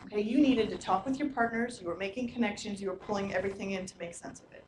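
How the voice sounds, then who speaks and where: A woman leading a teacher workshop, lively and quizzing the audience with questions in a large room. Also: mid-range voice, fast talker. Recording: echoey room, noisy live recording.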